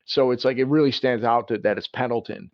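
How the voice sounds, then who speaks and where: A man's voice: medium pitch, fairly even intonation, a little fast, creaky, no room sound. A man hosting a casual podcast chat, rambling and laughing often. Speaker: podcast host, Marine veteran. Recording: dry lo-fi podcast audio.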